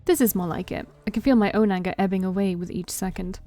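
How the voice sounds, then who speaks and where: Warm-voiced woman reading a visual novel. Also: medium pitch, quick pace, faint music behind. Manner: wry first-person storytelling. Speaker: let's play streamer.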